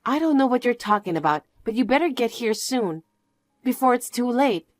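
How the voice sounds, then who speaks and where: A woman's voice: on the high side, expressive, normal speed, dry recording. A woman narrating a scripted family story with an earnest, pleading manner.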